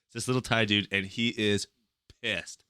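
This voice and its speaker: Bright-voiced man telling a wild story. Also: lowish voice, normal speed, clean tone, dry recording, studio quality. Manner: swearing, animated storyteller. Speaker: podcast co-host. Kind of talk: casual chat.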